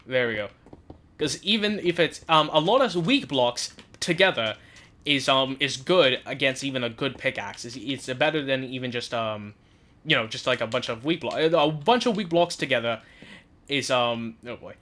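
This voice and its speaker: A man giving live commentary over his own gameplay, talking to himself and getting loud and giggly when things go wrong. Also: mid-range voice, moderate pace. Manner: excitable, talks to himself, yells and laughs under pressure. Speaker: gaming YouTuber.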